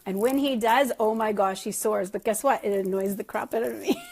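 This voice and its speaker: A woman's voice: mid-range voice, brisk, creaky, darkish tone, a little hiss or hum. A middle-aged woman leading her sales team on a casual call, chatty and self-deprecating, laughing often. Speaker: network marketing team leader.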